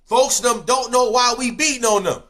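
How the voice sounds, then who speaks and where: At a moderate pace, a young man tells a street story in casual slang, veering between loud outbursts and low mumbles.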